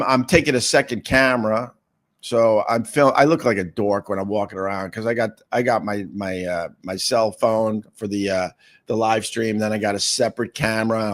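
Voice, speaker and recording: A middle-aged man hosting a casual livestream, reading viewer comments and rambling with repeated words. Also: on the low side. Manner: rambling, repeats words, sudden loud jumps. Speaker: radio host and livestreamer.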